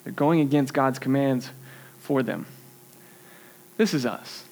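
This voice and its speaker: A man's voice: mid-range voice, slow pace, vocal fry, a little mellow. A young man preaching a sermon in a church, earnest and conversational, with self-deprecating asides.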